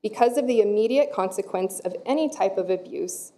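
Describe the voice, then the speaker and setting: A woman, a director of clinical services, giving prepared public comment at a council meeting in a steady, earnest reading. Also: mid-range voice, a little fast.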